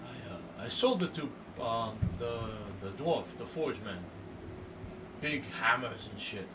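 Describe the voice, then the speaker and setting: Slow-talking man, clipped and distant. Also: mid-range voice, animated. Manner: slow, clipped, broken phrasing. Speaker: player. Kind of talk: in-character tabletop play. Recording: distant mic with room noise.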